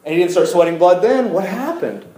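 A man's voice: high-pitched, fairly quick. Chatty young male preacher, echoey hall. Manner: animated, asks the audience questions, jokes in asides. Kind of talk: conversational sermon storytelling.

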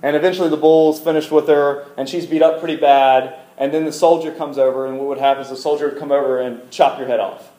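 A man's voice: fairly high pitch, fast talker, few pauses. Chatty young male preacher, echoey hall. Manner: animated, asks the audience questions, jokes in asides. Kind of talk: conversational sermon storytelling.

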